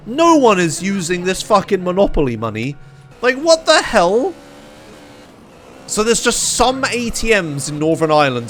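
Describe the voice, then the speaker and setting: A man's voice: on the high side, a little hiss or hum. A young man from England chatting casually on a live stream, ranting in disbelief with lots of swearing and laughter. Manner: animated, incredulous ranting with frequent swearing and laughs.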